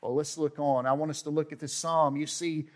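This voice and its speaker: A man preaches a sermon in a high voice. He builds to loud, shouted peaks, then drops nearly to a hush. His delivery is dramatic. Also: level tone, a little fast. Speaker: pastor.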